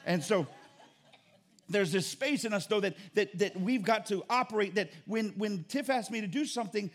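A middle-aged man preaching a sermon as pastor, conversational and joking, with an animated delivery. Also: high-pitched, normal speed.

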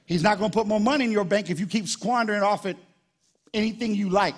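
A man, a pastor preaching a live sermon at a church service in an animated, conversational storytelling way. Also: high-pitched, quick pace.

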